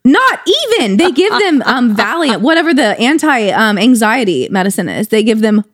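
A woman co-hosting a podcast in casual chat, telling a story with lively quoted voices. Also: fairly high pitch, normal speed, dry recording, studio quality. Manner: animated storyteller, quotes people in their voices. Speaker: podcast co-host.

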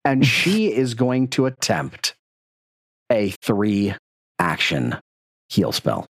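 A man's voice: on the low side, very animated, slow pace, vocal fry, no echo. A man acting as game master, narrating combat and rules in a playful, teasing way. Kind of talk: running a tabletop game.

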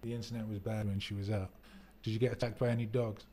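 A man's voice: on the low side, little pitch movement, fast, dark tone, slight background noise. A man hosting a casual live stream from a rental home, talking in a rambling, laid-back way and laughing often. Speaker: livestream host. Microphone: desk mic for streaming, wearing headphones.

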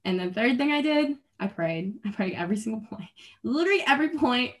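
A woman's voice: fairly high pitch, lively intonation, fast talker. Young woman, casual interview guest, earnest, rambling, restarts, laughs. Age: young adult. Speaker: athlete guest.

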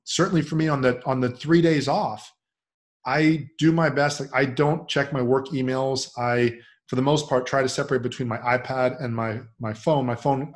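Man, middle-aged, podcast guest, casual reflective talk, mid-pitched voice, animated when quoting others. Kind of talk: casual conversational interview.

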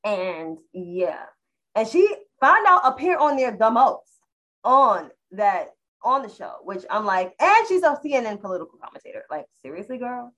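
A woman's voice: on the high side, big pitch swings, normal speed, fairly bright tone, low-quality recording. Exasperated woman ranting on a panel. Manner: heated, swearing, exasperated ranting. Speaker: podcast co-host. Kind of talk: casual panel chat.

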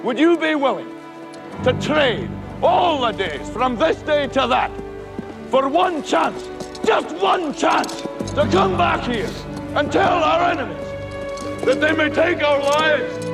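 An actor playing an impassioned male warrior leader giving a shouted battle speech in a film scene, over a music score. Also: very high voice, expressive, takes it slowly, exaggerated voice. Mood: rousing. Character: fierce male warrior leader rallying his troops.

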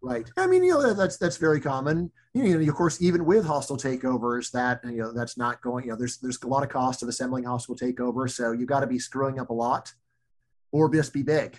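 A man's voice: mid-range voice, brisk, darkish tone. A middle-aged man, an economist guest, talking casually in an interview with many restarts and fillers.

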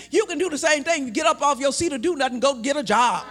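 A man preaching a sermon, shouting and stretching out words for emphasis and acting out the people in his story. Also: very high voice, soft background music. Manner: shouting, drawn-out emphatic preaching with acted-out voices.

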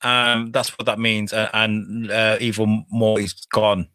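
Man hosting a podcast, bright sharp tone, casual rambling, dry recording. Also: on the low side, level tone, a little slow, dry recording. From United Kingdom. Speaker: podcast host. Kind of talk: casual chat.

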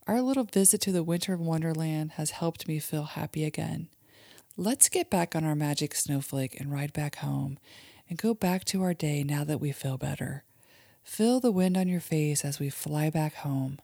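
A woman with a fairly low, warm, mellow voice gently guides children through a calming imagery exercise. She often slips into soft whispers. The recording is close and dry, with no room sound. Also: moderate pace, vocal fry, no room sound. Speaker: host and mother leading guided relaxation for kids.

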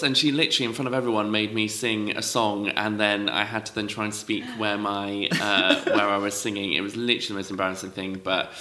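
A man's voice: on the low side, flat delivery, fast talker, few pauses, pushed and bright. A man telling a self-conscious story with lots of laughter on a podcast in a church hall. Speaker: podcast guest. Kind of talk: casual podcast chat.

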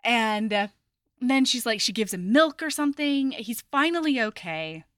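Woman podcast co-host, higher bright voice, animated storyteller. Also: moderate pace, dry recording, studio quality. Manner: animated storyteller, acting out quotes. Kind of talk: casual book recap chat.

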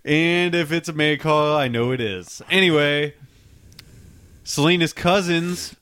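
A man's voice: on the high side, measured pace, a bit bright, smooth, dry recording. A man hosting a podcast in casual banter. He teases his co-host with a dry manner, close on a studio mic.

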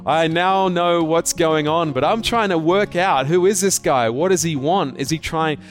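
A man's voice: fairly high pitch, normal speed. A man from Australia, preaching a conversational sermon full of rhetorical questions and personal stories. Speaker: pastor.

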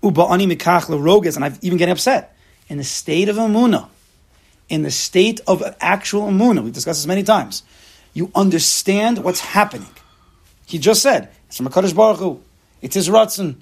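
Gravelly, emphatic male Torah teacher. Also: high voice, animated, a little fast. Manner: emphatic, mixes Hebrew terms into English. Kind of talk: lecture to a class.

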